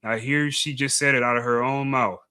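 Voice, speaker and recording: A man's voice: mid-range voice, fairly even intonation, normal speed, pushed and bright, clear, resonant tone. A man giving blunt, dismissive commentary, often repeating himself as he argues. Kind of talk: opinionated commentary video.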